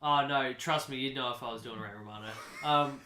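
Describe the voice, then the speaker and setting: Young man, deadpan podcast co-host, rambly, bright voice, echoey room. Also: mid-range voice, fairly quick, slight background noise. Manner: rambling, deadpan improvised storytelling. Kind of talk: casual comedic chat.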